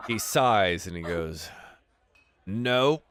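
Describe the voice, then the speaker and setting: A woman narrating a tabletop game as game master, in a relaxed, chatty way with fillers. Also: rumbling low, measured pace, dry recording.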